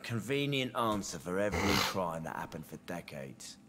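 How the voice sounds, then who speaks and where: A cynical, deep-voiced drunk. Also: male voice, big pitch swings, moderate pace, background noise. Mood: sardonic. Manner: sardonic, world-weary. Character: male drunk bar patron, cynical and sour.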